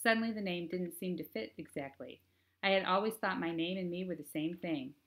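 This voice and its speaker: Low-voiced woman reading a novel. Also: brisk, fairly bright tone. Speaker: audiobook narrator. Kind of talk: first-person audiobook narration.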